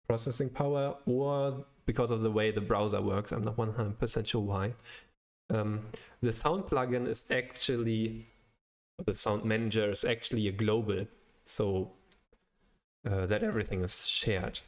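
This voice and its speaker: A young adult man live-coding on a stream, talking his way through the code in a hesitant, self-correcting way, pausing to search for words. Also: fairly low pitch, a little mellow. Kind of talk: thinking aloud while programming on a livestream.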